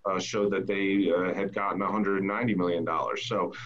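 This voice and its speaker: A deep-voiced man leads a casual panel chat and speaks with many hesitations and fillers. His voice sounds muffled and lo-fi, as if recorded through a poor mic. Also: steady tone, a little fast, a bit bright. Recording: dull lo-fi sound.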